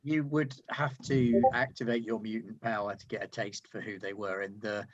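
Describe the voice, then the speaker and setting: A man's voice: lowish voice, steady tone, moderate pace, muffled recording, slight background noise. A man narrating as game master, describing scenes patiently and reassuring his players.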